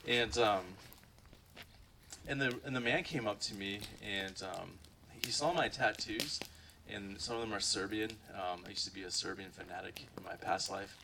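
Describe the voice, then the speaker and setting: A young man from Ohio rambles through a church testimony, padding his sentences with fillers and "like". His lowish voice has a bright edge, and he sits back from the microphone with a faint room hum behind him. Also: moderate pace, recorded from a distance, low-quality recording. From Ohio, USA. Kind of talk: casual spoken testimony to a group.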